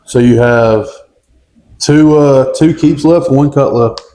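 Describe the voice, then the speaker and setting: A young man co-hosting a casual podcast, excitedly acting out movie scenes as he talks. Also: medium pitch, slow. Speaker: podcast co-host. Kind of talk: casual chat.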